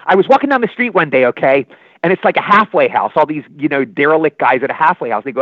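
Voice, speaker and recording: As a guest on an interview, this older Maryland actor rushes through stories in a high voice, animated and digressive, circling back to repeat himself. The audio has no room sound and a dull, slightly muffled lo-fi quality.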